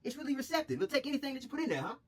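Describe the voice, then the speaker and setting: A man's voice: extremely high pitch, big pitch swings, racing, voice pushed up. A man voicing a streetwise old male groundskeeper who gives blunt, profane advice. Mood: teasing.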